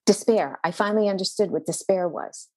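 A woman's voice: medium pitch, a little fast, dry recording. A woman pastor, a podcast guest, telling a personal faith story in an earnest, intense way with a shifting pace.

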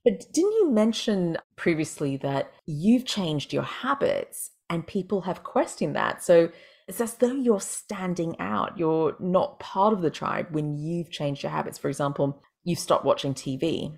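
A woman hosts a casual podcast chat, her voice sitting low with a gravelly edge. She talks in an easygoing, chatty way, with fillers sprinkled through her questions. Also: animated, measured pace, a little mellow. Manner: chatty, with frequent fillers like "like" and "you know". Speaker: podcast host and family doctor.

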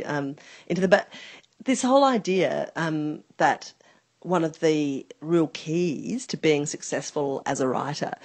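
A woman's voice: low voice, no echo. A woman co-hosting a podcast in casual chat, rambling with many asides and a wry sense of humour. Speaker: podcast co-host.

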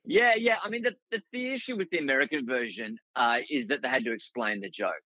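A man's voice: mid-range voice, fast talker, bright, forceful tone, no room sound, highs cut off. An Australian man telling rambling anecdotes as a guest, with many restarts and fillers. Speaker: guest, writer and actor. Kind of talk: casual storytelling in a podcast interview.

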